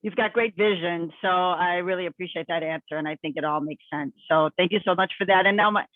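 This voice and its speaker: Woman interview host, effusive, halting, thin phone-like dry audio. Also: lowish voice, no room sound. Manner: warm, effusive thanks, halting restarts. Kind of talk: community access interview.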